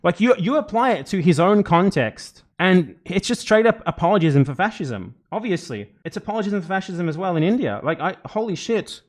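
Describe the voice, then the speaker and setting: Angry, swearing man with a high voice. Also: very animated, brisk, hardly any pauses. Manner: angry, exasperated, heavy swearing. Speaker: streamer reacting to a video. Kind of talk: live reaction commentary.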